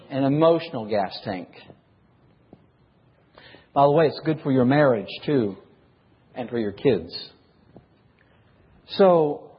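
Questioning his listeners and acting out examples, a man preaches to a congregation in a slightly high, somewhat rough voice. It's a dull recording with long reverb from the hall.

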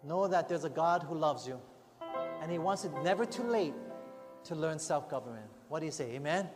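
A man's voice: fairly high pitch, animated, moderate pace. A man preaching a sermon in a church, earnest and conversational, often adding rhetorical asides to the congregation. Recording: long hall reverb, faint music behind.

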